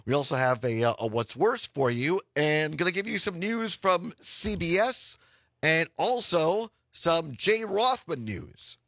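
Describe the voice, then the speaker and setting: A man hosting a talk radio show from a studio, chatting and laughing easily with a hoarse voice. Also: a little high, lively intonation, unhurried, no echo. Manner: laughs often, warm easygoing rambling. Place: radio studio in an office building.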